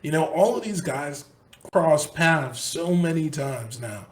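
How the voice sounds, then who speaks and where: A man's voice: fairly high pitch, animated, slow. A man co-hosting a sports podcast, talking casually in long, earnest, rambling stretches full of restarts. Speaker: podcast co-host.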